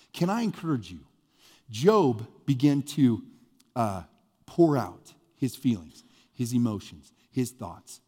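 Male pastor, animated conversational preacher, a touch high-pitched, echoing through a big sanctuary. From US Midwest. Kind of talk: sermon.

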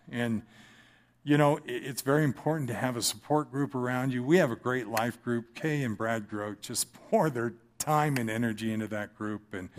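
Man, mid-pitched, sharing a heartfelt testimony to a congregation; plainspoken, earnest, drops in a dry joke now and then. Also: slight background noise. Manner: earnest and conversational with dry humor. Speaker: businessman giving church testimony. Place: church, speaking from the front.

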